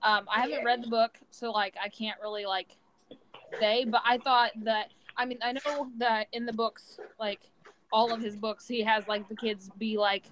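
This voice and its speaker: A woman's voice: medium pitch, fairly bright tone, a little hiss or hum, poor audio. A young woman co-hosting a casual chat, blunt and profane, with many filler words. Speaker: podcast co-host.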